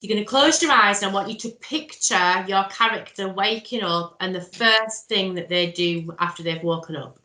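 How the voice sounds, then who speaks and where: A woman leads a drama workshop, walking participants through an exercise step by step with encouragement. Her medium-pitched voice is bright and forceful, moving at normal speed with hardly any pauses. The room is echoey, with slight background noise.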